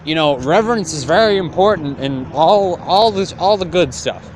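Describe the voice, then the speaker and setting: A man's voice: a little high, animated, normal speed, a little hiss or hum, voice pushed up, lightly acted. A man voicing a medieval friar who talks in street slang, boastful and hustling. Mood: smooth.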